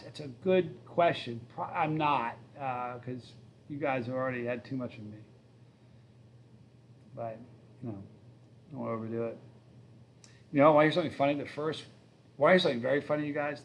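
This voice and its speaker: Here a livestream host in his fifties talks casually, reads out viewer questions and wanders through stories. He has a mid-range voice, and the recording carries a little hiss or hum.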